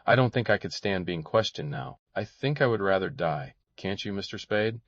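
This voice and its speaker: A man's voice: sits low, lively intonation, normal speed. A man doing a pleading, frightened young woman. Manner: tremulous, pleading. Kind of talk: audiobook character voice. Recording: dull, dry recording.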